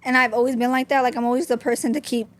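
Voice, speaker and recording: A woman's voice: fairly high pitch, little pitch movement, very fast. A young woman, a podcast guest, telling a personal story openly and candidly, with many "like" fillers. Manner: open, talks with frequent "like" fillers.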